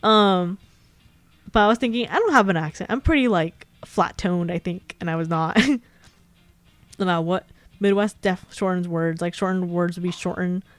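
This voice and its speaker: A woman's voice: lowish voice, moderate pace, no echo. A young woman with a Californian accent, rambling and giggling through a casual stream chat.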